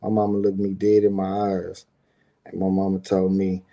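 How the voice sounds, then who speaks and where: A man's voice: low-pitched, monotone, moderate pace, gravelly, warm tone. A middle-aged man casually telling a personal story as a podcast host, loose and conversational, with lots of "you know what I'm saying".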